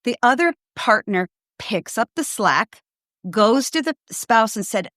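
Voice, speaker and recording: An older pediatrician hosting a call-in advice podcast speaks unhurriedly in a fairly high voice full of big pitch swings. Direct and good-humored, she acts out what kids and parents say, recorded at studio quality with no room sound.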